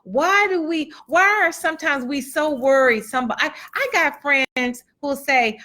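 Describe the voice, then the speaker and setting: A woman's voice: sits high, sing-song, normal speed, few pauses, sharp tone. A middle-aged woman giving a chatty, earnest motivational talk to a live audience, repeating phrases for emphasis and reading out comments from viewers. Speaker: motivational speaker and event host.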